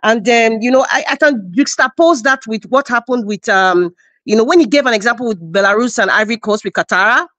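A woman's voice: fairly high pitch, animated, brisk, fairly bright tone, dry recording. A woman hosting a live-stream commentary show, speaking with passion and repeating phrases for emphasis.

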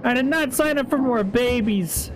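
A man's voice: very high-pitched, normal speed, background noise. A man streaming a horror game live, chatting and swearing often with a jumpy, exasperated manner. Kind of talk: live gameplay commentary. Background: game music.

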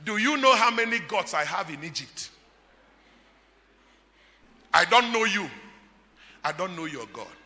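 A man's voice: high-pitched, very animated, a little slow, pauses often, sharp tone, big-room sound, heavily acted. A Nigerian man voicing a scornful, dismissive Egyptian king within a sermon. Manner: mocking, dismissive.

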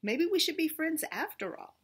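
A woman's voice: sits high, big pitch swings, moderate pace, fairly bright tone, voice pushed up, exaggerated voice. A woman reading as a nervous young boy. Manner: worried and cautious.

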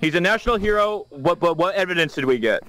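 A man's voice: sits high, expressive, quick pace, a bit bright, rough recording. A man joking wryly with friends during a ghost game. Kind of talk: casual gaming banter.

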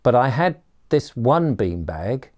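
A man's voice: mid-range voice, very animated, slow, a little mellow. A man telling a personal story to camera in a chatty, rambling way, with many ums and restarts. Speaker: storyteller and performer.

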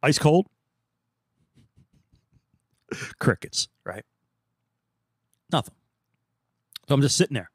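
A male podcast host telling a story in a casual, animated way, acting out the dialogue and laughing often. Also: medium pitch, slow, pauses often, husky, no room sound, clean studio sound.

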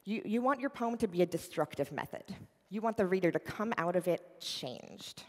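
Animated woman speaking in a reverberant hall. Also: on the low side, normal speed. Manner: animated, explanatory, with many fillers. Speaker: conference speaker. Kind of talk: tech conference talk explaining poetry. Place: conference hall.

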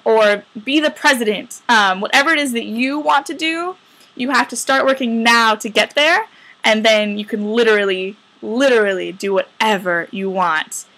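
A woman's voice: on the high side, vocal fry, pushed and bright. A young woman in her twenties, a former camper, telling campers a story and giving upbeat advice. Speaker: camp alumna. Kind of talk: recorded message to campers.

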